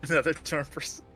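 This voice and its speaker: A man playing a tabletop game, asking about rules and making dry, wry asides. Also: pushed and bright. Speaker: player. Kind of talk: casual chat at a game table.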